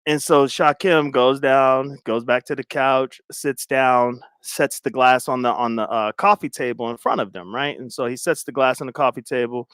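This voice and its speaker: A young man streaming, telling a story in a casual, animated way, repeating words and laughing loudly. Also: medium pitch, moderate pace, few pauses, smooth, dry recording, studio quality.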